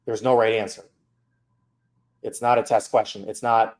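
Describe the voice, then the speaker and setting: A man's voice: on the low side, little pitch movement, normal speed, darkish tone. A man coaching a student through feedback on her mock interview, candid and casual.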